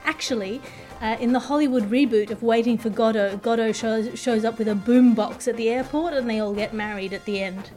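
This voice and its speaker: Woman comedy podcast host, fairly high voice, dry witty delivery, faint music underneath. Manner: quick, wry, deadpan jokes. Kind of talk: topical comedy podcast hosting.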